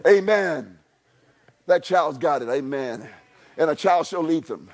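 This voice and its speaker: A man preaching a sermon at a church service. He leads the congregation in call-and-response, swinging from quiet, low lines to loud shouts. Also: expressive, unhurried, gravelly. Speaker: pastor.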